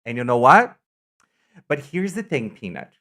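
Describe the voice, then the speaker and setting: A man's voice: mid-range voice, very animated, a little slow, bright, forceful tone. A man streaming a card game, chatting casually with viewers in English, which isn't his first language, often breaking off and restarting his sentences. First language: not English.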